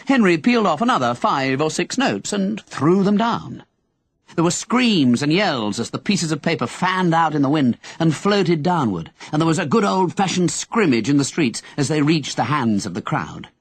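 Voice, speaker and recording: A man narrating an audiobook in an expressive storytelling manner. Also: a little high, moderate pace, slightly rough. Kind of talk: scripted narration.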